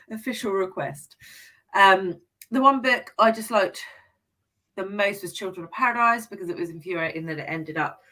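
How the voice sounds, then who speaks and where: A woman in her forties hosts a casual book chat as a podcast, chatty and laughing often while she reads listener comments aloud. Her voice sits at a medium pitch with a sharp tone, moving at a normal speed with long pauses. The audio quality is poor.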